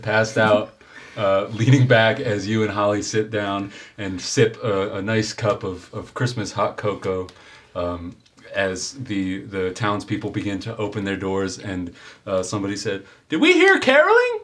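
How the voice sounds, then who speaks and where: A man's voice: on the low side, flat delivery, a little slow. A man narrating a tabletop game as game master, telling the story with fillers and laughs.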